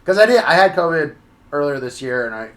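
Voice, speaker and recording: A man's voice: on the high side, big pitch swings, a little fast. A man guesting on a podcast as a comedian, chatting casually and agreeing a lot. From Los Angeles. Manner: agreeable, lots of "yeah", laughs easily. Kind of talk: casual chat.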